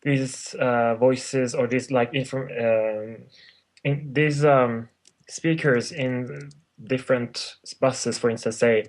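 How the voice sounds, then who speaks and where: A man's voice: medium pitch, steady tone. Podcast guest: man, Farsi native, laughs easily, teasing and loose. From Norway. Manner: playful, laughs often, fast in his native tongue. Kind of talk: casual podcast chat.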